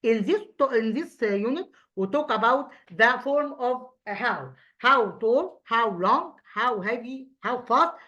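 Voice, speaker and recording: Woman teaching English, halting. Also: fairly high pitch, lively intonation, bright, forceful tone. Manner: halting, many fillers and self-corrections, asks then answers own questions. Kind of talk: recorded classroom revision lesson. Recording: dull lo-fi audio.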